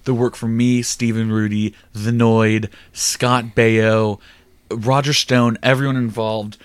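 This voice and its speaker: A man's voice: medium pitch, little pitch movement, slow, clear, resonant tone. A man hosting a comedy podcast, joking sarcastically with lots of ums and uhs. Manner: joking, sarcastic, many fillers. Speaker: podcast host. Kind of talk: casual comedy podcast chat.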